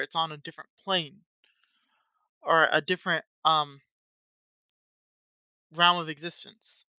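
Female co-host, bright and smooth, excitable casual chatter, dry recording. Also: fairly low pitch, no echo, dull audio. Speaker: podcast co-host. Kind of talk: casual chat.

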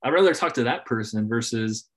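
A man in casual conversation, laid-back, swearing freely and trailing off softly at the ends of his phrases. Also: mid-range voice, animated, brisk. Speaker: podcast guest. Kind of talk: casual chat.

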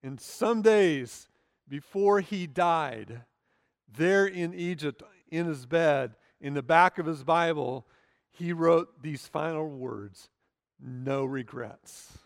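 Male pastor, sermon, high voice, smooth and clear, dry close sound, earnest slow emphasis. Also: no room sound, in a large hall. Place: church sanctuary.

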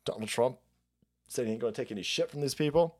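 A man's voice: quick pace, darkish tone. A man hosting a political stream, ranting with heavy swearing and sarcasm. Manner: sarcastic, swears a lot, pitch swings widely. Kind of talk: profane political rant.

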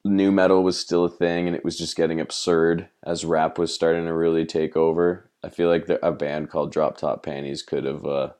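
Band guest: Canadian man, deep, easygoing chat, laughs a lot. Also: little pitch movement, a little fast, few pauses, a little mellow, clear, resonant tone. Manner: laid-back, laughs often, swears casually. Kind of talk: casual interview chat.

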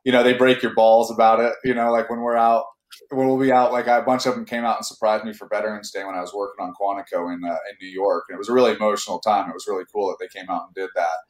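A man's voice: lowish voice, steady tone, fast, echoey room, low-quality recording. A man from Northern California, an actor telling a long story in a casual interview, rambling with many fillers and restarts.

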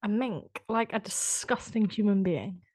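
A woman's voice: mid-range voice, darkish tone, husky, no echo. English woman on a dry close mic. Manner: self-deprecating, quick agreeing interjections. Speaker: podcast co-host, fitness instructor. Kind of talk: casual chat.

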